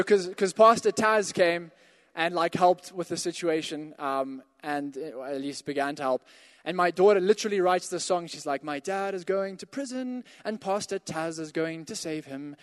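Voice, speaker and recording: A man with a fairly high voice delivers a sermon in a church. He tells a personal anecdote in a chatty way, then pushes into forceful calls to his listeners. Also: big-room sound. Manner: storytelling, builds to emphatic exhortations. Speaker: pastor.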